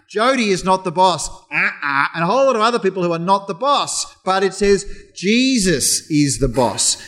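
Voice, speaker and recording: A middle-aged man giving a lively children's talk in church, telling stories with playful sound imitations. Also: on the high side. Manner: animated storytelling, imitates sounds.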